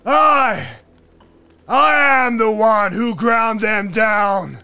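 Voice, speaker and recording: A man as a gravelly mock-epic wizard. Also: sits high, animated, drawn-out words, heavily acted. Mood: ecstatic shouting. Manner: solemn, mock-epic, later shouting proclamations. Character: wizard narrator, devout, obsessive, later frenzied. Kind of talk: first-person dramatic storytelling.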